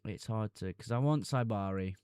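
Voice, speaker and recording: A man's voice: on the low side, moderate pace, darkish tone, clean tone, no room sound, studio quality. A young man streaming live, reading chat messages aloud and answering them casually.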